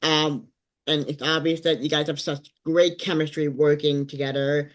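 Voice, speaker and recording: A man's voice: a little high, flat delivery. Male interviewer, casual, hesitant, heavy on filler words. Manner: halting, many uh fillers.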